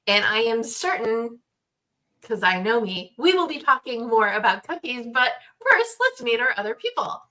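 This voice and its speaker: A woman's voice: fairly high pitch, sing-song, moderate pace, sharp tone, low-quality recording. A woman hosting, upbeat and welcoming as she brings in her guests. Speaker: host. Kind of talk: casual chat.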